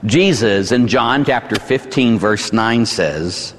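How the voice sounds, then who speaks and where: Lively Pittsburgh priest preaching in a reverberant church. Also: male voice, fairly low pitch, normal speed, few pauses. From Pittsburgh, United States. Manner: conversational preaching with tag questions. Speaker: Catholic priest. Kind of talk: sermon. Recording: long hall reverb.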